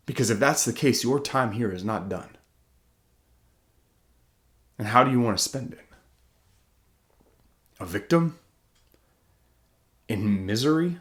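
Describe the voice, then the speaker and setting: An author gives a heartfelt motivational talk, earnest and self-questioning, his animated mid-range voice swinging from loud and pressing to hushed and slow.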